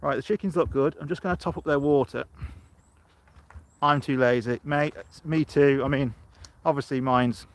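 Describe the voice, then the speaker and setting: A man's voice: mid-range voice, fairly even intonation, moderate pace. Middle aged english guy rambling live from his allotment, phone cam outdoors, just chatting away. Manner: rambling, chatty, answers viewer comments. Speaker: allotment vlogger. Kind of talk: live-streamed casual chat. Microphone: phone camera.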